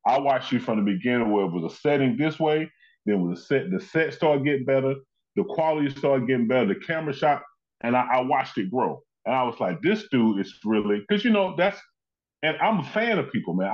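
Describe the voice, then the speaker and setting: A man's voice: mid-range voice, animated, a little fast, a little mellow. A man hosting a casual chat, praising at length in loose run-on stories. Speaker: host. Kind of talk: casual conversation. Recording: slightly muffled audio.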